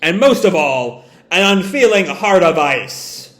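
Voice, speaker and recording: A man's voice: high voice, big pitch swings, slow, a bit bright, heavily acted. A man voicing a cruel, gloating male pirate villain with a taunting manner, read aloud from a comic. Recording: roomy echo.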